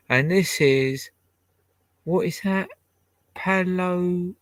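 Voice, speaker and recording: A man's voice: on the high side, animated, slow pace, creaky, pauses often, a bit bright, no room sound. A man in his sixties, chatting casually and swearing as he plays vinyl records and jokes at himself. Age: 60s. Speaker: home DJ playing vinyl records. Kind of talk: casual chat.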